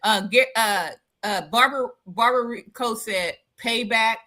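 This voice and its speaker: Bright-voiced blunt woman talk-show host. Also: a little high, a little slow. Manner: blunt, emphatic, reads out viewer comments. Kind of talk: casual live-stream chat.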